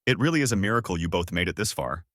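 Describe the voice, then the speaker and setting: A man's voice: expressive, rapid-fire, no room sound, studio quality. A man voicing a timid, nervous young male cabin boy who keeps shrieking in alarm. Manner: nervous, shrill yelling.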